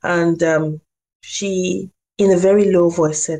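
In a lowish, steady, warm voice, this family doctor and parenting coach shares a personal story on a podcast, speaking reflectively with pauses.

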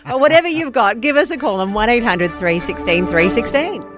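A woman's voice: a little high, expressive, a little fast, loud music behind the voice. A woman co-hosting breakfast radio, bubbly and playful, laughing often. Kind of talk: upbeat radio banter.

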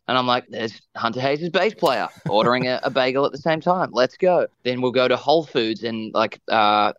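Young Aussie musician guest, laid-back rambling talker, dull dry line. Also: male voice, on the low side, a bit bright, clear, resonant tone, no echo. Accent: Australian. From Australia. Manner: rambling, many fillers and restarts. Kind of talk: casual interview chat.

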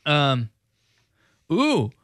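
A man's voice: a little high, huge pitch swings, extremely slow, a bit bright, no echo, studio quality. A man co-hosting a casual sports talk show, enthusiastic and rambling with fillers. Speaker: co-host. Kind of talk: casual banter.

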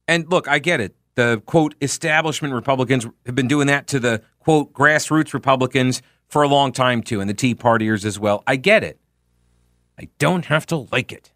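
A man hosting a political talk radio show, talking in an animated, sardonic and emphatic way into a studio microphone. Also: mid-range voice, moderate pace, no echo. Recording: dry studio sound.

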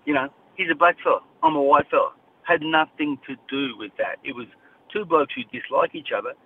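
A man's voice: fairly high pitch, animated, fairly quick. A man with an Australian accent, a boxer talking bluntly and repeating himself as a guest in a radio interview. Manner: blunt, repetitive, fired-up. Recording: tinny phone line with faint noise.

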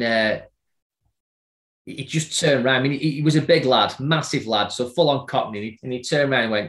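A middle-aged man telling a personal story in casual conversation, halting and repeating words as he remembers. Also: mid-range voice, echoey room. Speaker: guest.

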